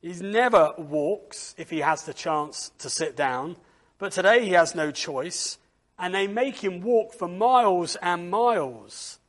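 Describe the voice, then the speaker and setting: A man with a high voice leads a church service and tells a story slowly. He reads aloud expressively and fills his pauses with "uh". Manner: expressive read-aloud with frequent uh fillers. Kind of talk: storytelling children's talk.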